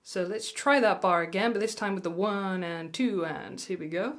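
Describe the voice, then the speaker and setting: A woman teaching mandolin, patient and reassuring, counting beats aloud slowly. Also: mid-range voice. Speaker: music tutor. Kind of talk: mandolin lesson. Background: mandolin playing.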